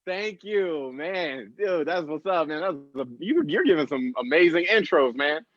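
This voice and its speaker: An American stand-up comedian works a small comedy stage before a live audience, rambling in a laid-back way and laughing at his own jokes. His voice is on the high side, animated, unhurried and fairly bright, in a dry, slightly muffled live recording with no room sound.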